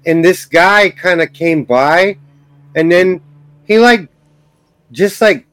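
A man's voice: high-pitched, slow, a bit bright, clear, resonant tone, no echo, low-quality recording. A man hosting a podcast, telling a bar story in a rambling, profane way full of "like" fillers. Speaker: podcast host. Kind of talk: casual storytelling.

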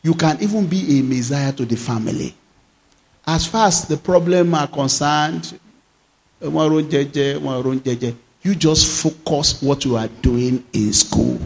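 A man, a pastor preaching a sermon and drawing out scripture lines slowly for emphasis. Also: fairly high pitch.

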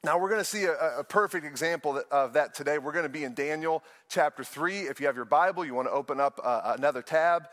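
A young man, a pastor, preaching a sermon with animated storytelling and playful asides. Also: fairly high pitch, fast talker, few pauses, long reverb tail.

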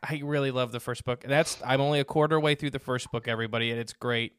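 A man's voice: medium pitch, fairly even intonation, fast, fairly bright tone, clear, resonant tone, no room sound, clean studio sound. A man hosting a podcast, chatting casually and enthusiastically with his guest. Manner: enthusiastic, upbeat. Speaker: podcast host. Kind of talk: casual interview chat.

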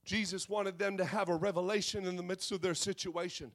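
A man preaching a sermon with frequent "uh" fillers, swinging between shouted, sing-song peaks and hushed stretches. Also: high voice, steady tone, a little fast.

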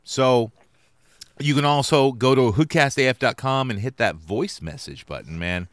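A middle-aged man hosting a podcast, joking and swearing, often trailing off quietly. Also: mid-range voice, normal speed, no echo. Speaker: podcast host. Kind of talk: casual podcast banter.

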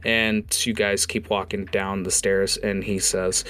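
A man running a tabletop game as game master, with a somewhat low voice. He narrates in a halting way, stopping often for fillers and self-corrections. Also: flat delivery, a bit bright.

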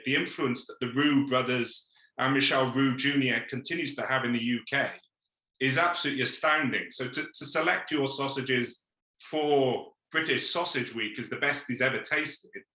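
A man's voice: medium pitch, bright, forceful tone. A man interviewing a guest, talking enthusiastically and repeating words as he goes. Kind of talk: conversational interview. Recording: echoey room.

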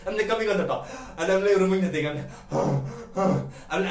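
A man's voice: high-pitched, fairly quick, gravelly, darkish tone, reverberant, distant mic. A young man in his late teens telling a story casually as a vlogger, chatty, laughing often and asking "right?" again and again.

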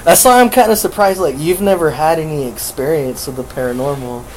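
A man's voice: a little high, fairly quick, a little hiss or hum, rough recording. Profane rambling man telling stories. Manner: profane, rambling, animated storyteller. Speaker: podcast co-host. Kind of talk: casual storytelling chat.

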